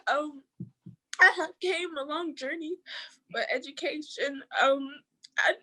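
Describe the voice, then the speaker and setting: A young woman on a video call giving an emotional, halting thank-you speech, tearful and laughing through tears. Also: high voice, sharp tone, low-quality recording. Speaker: scholarship winner.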